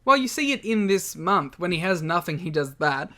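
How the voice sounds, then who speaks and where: A man's voice: sits high, big pitch swings, normal speed, bright, forceful tone. A man co-hosting a podcast, bantering casually in an easygoing, joking way. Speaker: podcast co-host.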